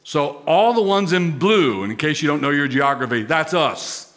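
A man's voice: fairly high pitch, expressive, normal speed, a bit bright. A man preaching a sermon as pastor, emphatic, with rising, swelling repetition.

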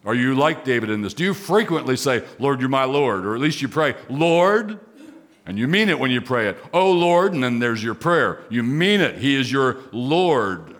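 A man's voice: mid-range voice, lively intonation, moderate pace, hardly any pauses, fairly bright tone. Emphatic preaching man. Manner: emphatic, repeats key phrases, rises sharply on exclamations. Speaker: pastor. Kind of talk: sermon.

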